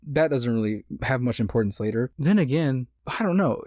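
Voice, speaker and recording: A man's voice: mid-range voice, animated, moderate pace, a little mellow, dry recording, clean studio sound. A young man giving a loose, rambling casual recap of a movie, full of fillers and restarts. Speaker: movie reviewer.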